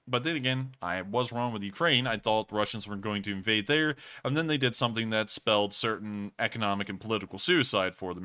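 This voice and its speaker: A man's voice: on the low side, bright, forceful tone, clear, resonant tone. A man hosting a live stream, answering viewer questions in a chatty, rambling way and often correcting himself. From United States. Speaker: host.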